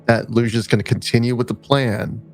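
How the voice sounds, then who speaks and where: Man, tabletop player, rambling, lots of ums and likes, mid pitch. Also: fairly even intonation, a little fast, soft background music. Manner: rambling, many fillers, acts out lines in a high voice. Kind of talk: describing his character's actions in a tabletop game.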